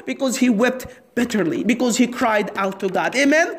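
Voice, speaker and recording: A woman's voice: fairly high pitch, normal speed, few pauses. A woman preaching a sermon, asking the audience questions and acting out the story. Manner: animated, asks the audience questions.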